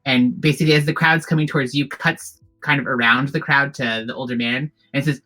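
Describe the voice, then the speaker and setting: A tabletop game master narrating the scene in a loose, rambling way, circling back and restarting as the scene unfolds. The voice is bright and forward. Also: medium pitch, steady tone, brisk, hardly any pauses, rough recording. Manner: rambling, heavy with fillers and restarts.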